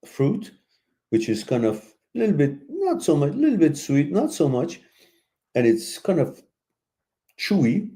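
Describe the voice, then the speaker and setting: Male host, live Q&A, mellow voice that jumps high on emphatic outbursts, blunt and preachy. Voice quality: animated, emphatic, swings high when exclaiming. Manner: blunt and preachy, mixes in laughter and asides. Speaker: host answering viewer questions. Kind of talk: live stream Q&A, casual advice.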